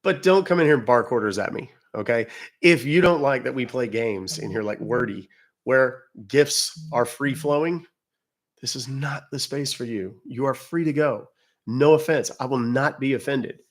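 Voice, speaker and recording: A man's voice: medium pitch, normal speed. A chatty American man talks casually on a livestream, answering his viewers' comments one after another. He speaks bluntly and plainly, with a mid-range voice. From United States. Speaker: livestream host.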